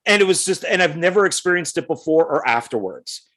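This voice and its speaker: A middle-aged man co-hosting a podcast, telling a rambling story in a casual, animated way. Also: a little high, fairly quick. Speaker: podcast co-host.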